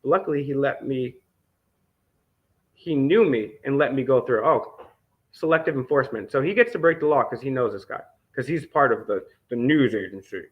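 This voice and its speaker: A man's voice: mid-range voice, moderate pace. A man vlogging as an independent news host, reading documents aloud with sarcastic, indignant commentary and frequent swearing. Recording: dull lo-fi recording.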